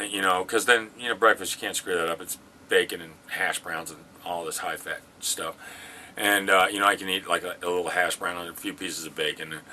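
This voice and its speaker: A man's voice: low-pitched, pushed and bright, slight background noise. An older man talking casually about his life, rambling and self-deprecating with many fillers and restarts. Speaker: vlogger sharing weight-loss experience. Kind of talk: casual personal monologue. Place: military base in Afghanistan.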